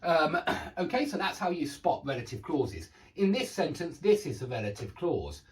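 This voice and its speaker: Male teacher, animated pitch, patient explainer, mic a little distant. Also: normal speed. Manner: patient, explanatory, checks in with "okay?" and "yeah?". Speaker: English grammar teacher. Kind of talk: online grammar lecture.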